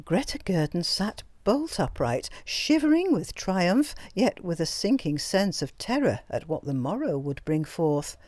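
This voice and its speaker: A woman narrating a novel aloud as an audiobook, in an expressive storytelling manner. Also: fairly low pitch, unhurried, few pauses, no echo. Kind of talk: scripted narration.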